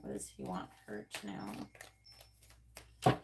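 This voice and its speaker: A woman's voice: slow, noisy background. A woman giving a casual live-stream tarot reading, blunt and chatty, who swears and repeats her questions to the cards. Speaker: tarot reader.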